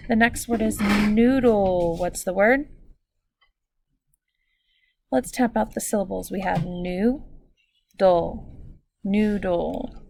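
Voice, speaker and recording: A woman teacher giving a recorded phonics lesson, speaking slowly and clearly as she walks students through each step. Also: medium pitch, noisy background. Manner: slow, clear, instructive.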